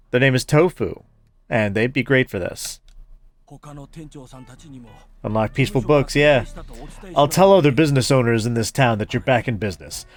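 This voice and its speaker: A man's voice: medium pitch, dry recording. A man playing through a story game, reading all the characters' lines aloud and joking about them. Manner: reads every character aloud, switching voices; jokey, laughs at the game. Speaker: gaming YouTuber. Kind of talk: let's play, voicing game dialogue.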